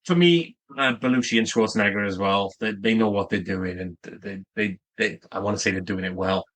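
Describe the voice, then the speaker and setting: A man's voice: on the low side, a little fast, fairly bright tone. A man co-hosting a casual film podcast, teasing and laughing easily. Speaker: podcast co-host.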